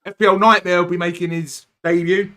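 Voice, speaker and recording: A man hosts a relaxed podcast conversation, chatty and teasing, often breaking into laughter. His voice sits a touch high with a bright, forward tone. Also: fairly quick. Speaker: podcast host. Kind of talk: casual podcast chat.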